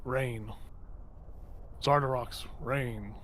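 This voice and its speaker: A man's voice: very high voice, very animated, fast talker, slight background noise, voice pushed up. A man voicing a strange creature that keeps muttering words in an unknown tongue. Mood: droning. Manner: repetitive droning mutter.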